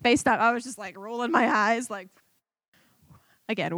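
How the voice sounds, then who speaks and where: A woman in her thirties giving a personal testimony to her church, talking haltingly with many fillers and restarts. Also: medium pitch, fairly even intonation, no echo. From Michigan. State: tearful.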